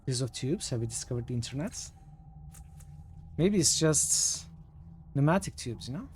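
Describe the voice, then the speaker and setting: A man streaming a role-playing game, reading the game's narration aloud and thinking out loud between choices. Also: animated, moderate pace, slight background noise. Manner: thinks aloud, reads narration in a lower, quieter voice. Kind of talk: reading game text aloud and commenting casually.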